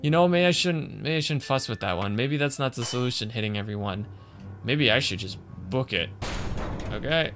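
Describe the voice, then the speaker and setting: A man's voice: mid-range voice, animated, moderate pace, music in the background. A man playing a video game and commenting as he goes, growing exasperated and grumbling about the controls. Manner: frustrated, exasperated, muttering complaints. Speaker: gaming channel host. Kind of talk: let's play commentary.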